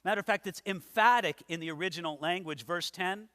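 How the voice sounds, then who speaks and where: A male pastor preaches an expository sermon in a church, dramatic and emphatic, acting out the scripture characters. His high-pitched, slightly bright voice moves fairly quickly with hardly any pauses, and the recording has long hall reverb.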